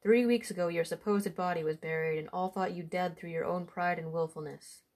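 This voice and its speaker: A woman's voice: on the low side, steady tone, a little fast, a little mellow, lightly acted. An authoritative village priest from a folk tale, solemn and lecturing, as a woman reading the story puts him on. He sermonizes with firm rebukes. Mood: stern.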